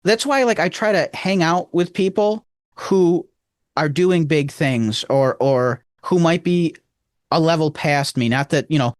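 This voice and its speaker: Rochester-accented male co-host, earnest rambler, higher voice, dry close mic. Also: a little slow, dry recording. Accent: Rochester, New York. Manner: rambling, earnest, emphatic swings in pitch. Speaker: podcast co-host. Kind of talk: casual chat.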